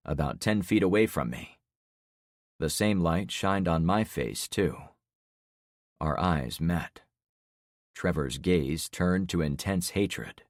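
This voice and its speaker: A man reading a thriller audiobook in scripted first-person narration, tense and measured. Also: low-pitched, no room sound, clean studio sound.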